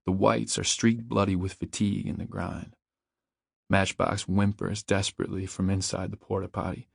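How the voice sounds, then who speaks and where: A man reading his own novel in the first person, in a measured, reflective way, close to a studio mic. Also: deep voice, level tone, vocal fry, husky, dry recording. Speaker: audiobook narrator and author. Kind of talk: first-person audiobook narration.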